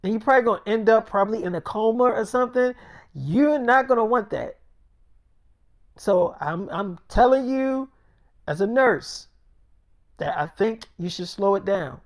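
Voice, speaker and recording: A woman's voice: medium pitch, animated, normal speed, pauses often, lightly acted. A woman voicing a frank female nurse who gives blunt advice in slang, repeating herself as she goes. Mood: concerned.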